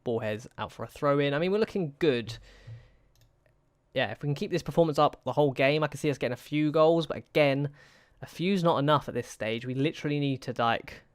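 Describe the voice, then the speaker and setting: A man's voice: a little high, fairly quick, dry recording, studio quality. A young man giving casual, anxious commentary over a football management game, pleading with his players and muttering to himself. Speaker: gaming YouTuber.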